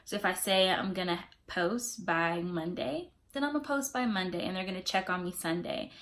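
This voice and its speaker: A young adult woman vlogging in a casual, expressive way, giving faith-based encouragement with preacher-like emphasis. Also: on the low side, moderate pace. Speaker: YouTube vlogger.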